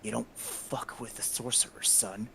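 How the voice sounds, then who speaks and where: Male game master plays a soft-spoken human sorcerer with folksy, calm menace in a tabletop game. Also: mid-range voice, moderate pace, a little hiss or hum, lightly acted. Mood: menacing. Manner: folksy, calm, quietly threatening. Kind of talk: tabletop game role-play.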